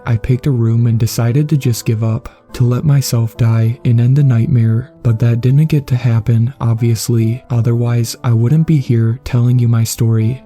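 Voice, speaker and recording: A man reads a horror story aloud in a steady, measured voice. His tone is deeply dark and mellow, and his pitch sits in the middle. Faint music plays underneath. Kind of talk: scripted horror narration.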